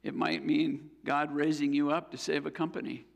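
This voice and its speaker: A man's voice: a little high, level tone, normal speed, creaky, in a large hall, highs cut off. A man preaching a sermon as pastor, earnest and building to fervent exhortation. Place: church sanctuary.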